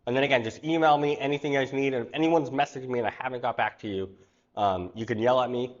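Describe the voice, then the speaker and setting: A man's voice: medium pitch, steady tone, fast, muffled recording. A man hosting a live online cooking class, chatting casually and rambling into stories. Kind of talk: casual livestream class chat.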